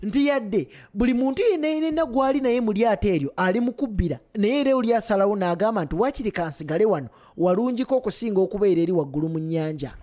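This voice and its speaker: A man's voice: high-pitched, expressive, rapid-fire, few pauses, dark tone. A man interpreting a sermon line by line as it is preached.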